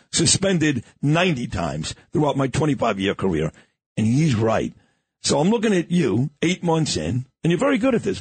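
Man, middle-aged, radio host, husky, lively pitch, casual interview chat. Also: dry recording. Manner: animated, conversational, interviewing. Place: radio studio.

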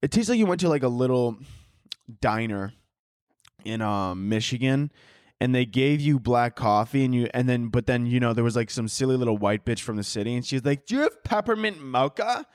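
A man's voice: medium pitch, moderate pace, a little mellow, clear, resonant tone. A man hosts a comedy podcast from a room in his home, rambling from one crude joke to the next. He keeps breaking off his own sentences and starting over. His voice sounds dry and close, with no room echo. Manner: rambling, self-interrupting, crude jokes. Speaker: podcast host. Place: home, downstairs by a Christmas tree.

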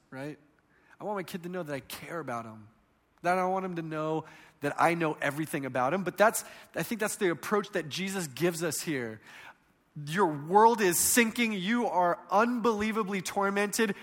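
A man in his thirties preaching a sermon, telling stories in a conversational way that swings between loud and hushed. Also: high voice, big-room sound.

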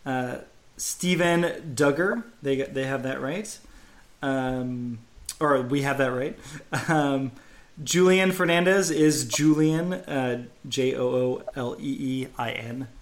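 A man's voice: medium pitch, takes it slowly. A man co-hosting a casual sports podcast, chatty and self-deprecating, working through name pronunciations. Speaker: podcast co-host.

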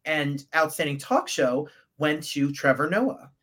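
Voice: medium pitch, animated, measured pace, a bit bright. Podcast co-host reading award results. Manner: reads from notes with fillers and stumbles.

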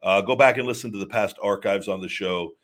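A man with a lowish, slightly bright voice talks fairly quickly as he hosts a live stream. He reads out super chats from viewers, speaking casually and emphatically and restarting his sentences often.

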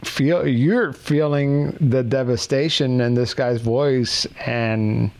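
A man interviewing a guest, asking probing, reflective questions in a measured way. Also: mid-range voice, darkish tone.

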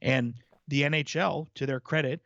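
A man's voice: a little high, fairly even intonation, moderate pace, gravelly, a bit bright, dry recording, muffled recording. A man co-hosting a hockey podcast in casual chat, laying out his points at length in an analytical way. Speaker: podcast co-host.

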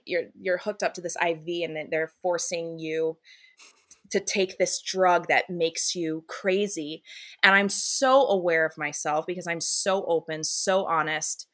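A woman, a musical theater actress, chatting as a guest in a casual interview and telling candid, animated stories while swearing freely. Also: lowish voice.

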